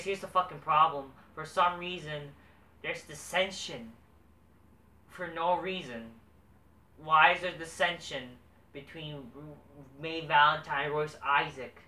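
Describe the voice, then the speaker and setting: A young man giving a rambling, profane, excitable casual review of a wrestling show. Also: a little high, recorded from a distance. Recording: echoey room, off-mic, faint noise.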